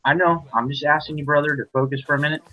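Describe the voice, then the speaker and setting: A man's voice: a little high, fairly even intonation, racing, bright, forceful tone, low-quality recording. A man hosting an online voice chat, talking earnestly and steering the talk back on topic. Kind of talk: casual discussion.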